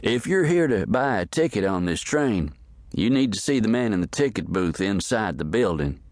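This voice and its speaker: A man voicing a brisk, distracted male station master in a western audiobook. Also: lowish voice, very animated, dry recording, pitched above the performer's own voice.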